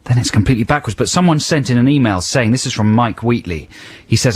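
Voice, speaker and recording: A man hosting a radio show, chatting casually with dry, deadpan banter. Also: mid-range voice, fast talker, slightly rough, dry recording. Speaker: radio host. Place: radio studio. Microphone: studio mic.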